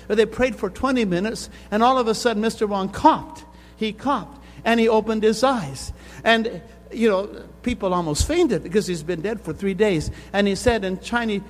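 High-voiced older man preaching in a hall. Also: normal speed. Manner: storytelling, rising to intense emphasis. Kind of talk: sermon. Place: conference hall. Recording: reverberant hall with faint hum.

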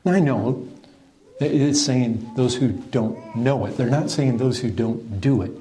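A man preaching a sermon as pastor, emphatic and animated, full of rhetorical questions and quick restarts. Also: medium pitch, roomy sound.

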